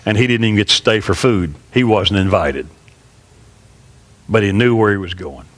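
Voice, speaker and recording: A pastor in his sixties tells an earnest story during a sermon. His voice is fairly low, and he speaks haltingly, often repeating himself.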